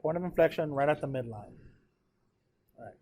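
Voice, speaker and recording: A man with a slightly high voice teaches a math lesson in a classroom. His tone is casual and encouraging, and he keeps pausing to ask the students whether they follow. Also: animated, a little mellow. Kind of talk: classroom lecture.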